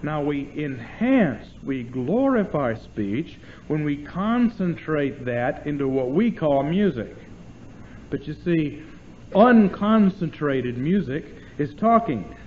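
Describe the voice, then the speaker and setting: A man giving an informal theology lecture to an audience, lively and demonstrative, often checking in with questions to his listeners. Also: a little high, slow, narrow, tinny audio, a little hiss or hum.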